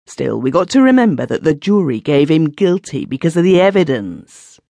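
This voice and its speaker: A man voicing Butters, a quiet, shaken juror. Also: on the high side, very animated, vocal fry, no echo, voice pushed up. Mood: anxious. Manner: quiet, slow, trembling. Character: shaken, guilt-ridden older juror Butters. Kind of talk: audiobook character voice.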